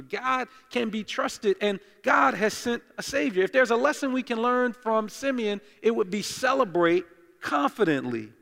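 A lead pastor with a fairly high, slightly bright voice and noticeable vocal fry gives a conversational sermon in a church sanctuary. He's chatty and joking, speaking directly to the congregation, and the audio has long, echoey church reverb.

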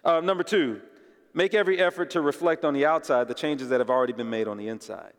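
Guy pastor preaching, kinda high voice, earnest and animated, big church echo. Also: quick pace. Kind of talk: sermon. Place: church sanctuary. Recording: long hall reverb.

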